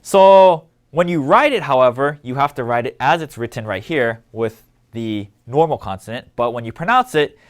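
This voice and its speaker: Lively-voiced man teaching a language lesson. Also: medium pitch. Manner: clear, patient instructional delivery. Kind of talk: scripted language lesson narration.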